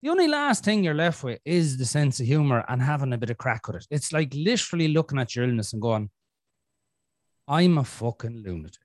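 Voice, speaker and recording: A man's voice: mid-range voice, sing-song, fast, few pauses, no echo, studio quality. An Irish man hosting a podcast, talking bluntly with lots of swearing and jokes, and acting out his own inner voice. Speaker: podcast host. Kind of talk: casual podcast chat.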